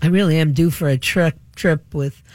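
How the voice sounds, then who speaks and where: A woman's voice: low voice, normal speed, a little mellow, no room sound. An older woman hosts a radio talk show in a loose, rambling, chatty style, drifting through memories as she talks. Her voice is close and dry on a studio microphone.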